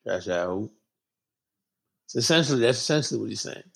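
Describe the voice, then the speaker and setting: A man's voice: on the low side, animated, fairly quick, creaky, husky. A man co-hosting a podcast in casual, slangy, joking chat. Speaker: podcast co-host.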